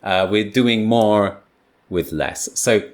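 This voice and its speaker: Chatty man, low voice, loose teaching talk. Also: slow. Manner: chatty, loose, with many fillers and restarts. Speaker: English teacher. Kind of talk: casual spoken lesson.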